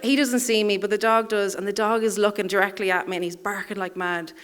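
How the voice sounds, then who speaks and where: A woman's voice: medium pitch, level tone, fast talker, fairly bright tone, smooth. A woman telling a personal story live on a theatre stage, in a wry, self-deprecating way, chuckling through her lines.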